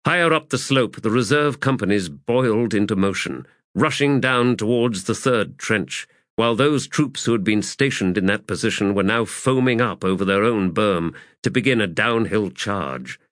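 Male narrator, low voice, measured delivery, dry close recording. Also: animated, a bit bright, no echo. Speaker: audiobook narrator. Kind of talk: scripted narration.

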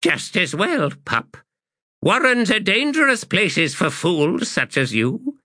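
A man's voice: high voice, sing-song, takes it slowly, pushed and bright, no room sound, studio quality, pitched above the performer's own voice, exaggerated voice. A man voicing a scornful old female sorceress who scolds sharply, in an audiobook.

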